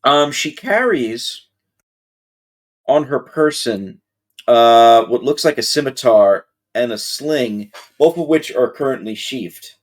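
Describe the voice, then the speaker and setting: Male GM narrating a tabletop session, unhurried and hesitant. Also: medium pitch, expressive. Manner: slow, halting narration full of ums. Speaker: game master.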